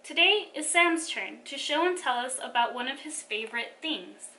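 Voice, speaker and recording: A woman voicing a patient schoolteacher who calmly explains feelings to her class. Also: sits high, moderate pace, rough recording. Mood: calling. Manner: clear, instructive.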